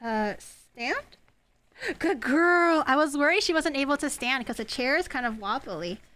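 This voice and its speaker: A woman's voice: high voice, lively intonation, normal speed, pushed and bright. A woman streaming herself cooking at home, chatting casually, self-mocking and swearing. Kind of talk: casual cooking livestream chat.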